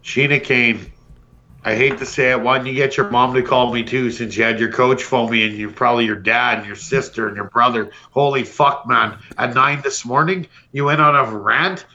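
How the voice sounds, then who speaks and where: A man's voice: medium pitch, moderate pace, bright, forceful tone, dull audio. Brash, profane man ranting. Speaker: podcast host. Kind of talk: comedic profane roast rant.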